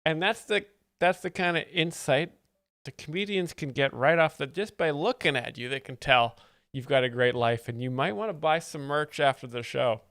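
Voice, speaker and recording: A man hosting a stream as a mock-serious joke explainer, giving deadpan commentary on stand-up clips. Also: on the high side, moderate pace, no echo, clean studio sound.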